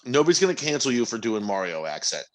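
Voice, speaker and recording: A man's voice: mid-range voice, sing-song, fast talker. A man co-hosting a podcast, talking in a casual, opinionated way and swearing freely. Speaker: podcast co-host. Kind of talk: casual chat.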